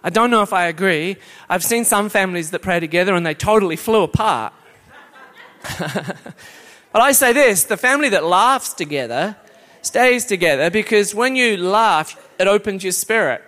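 A man preaching a lively sermon, playful and exclamatory, often breaking into laughter. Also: high voice, normal speed.

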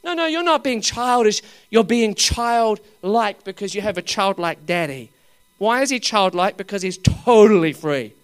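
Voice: mid-range voice, lively intonation, measured pace, smooth. A preacher giving a humorous sermon, asking the crowd questions and laughing often. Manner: swings between loud exclaiming and dropping to quiet asides.

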